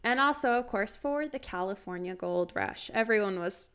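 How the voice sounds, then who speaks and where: A woman's voice: mid-range voice, expressive, moderate pace, fairly bright tone, clear, resonant tone. A young woman co-hosting a podcast, chatting casually, laughing often and walking through history notes. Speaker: podcast co-host.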